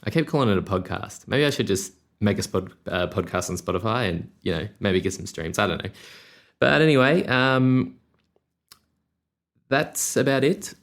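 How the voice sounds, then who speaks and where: A young Australian man, a podcast host and musician, rambles casually through a solo podcast with lots of fillers. His voice is low and fairly quick, with few pauses.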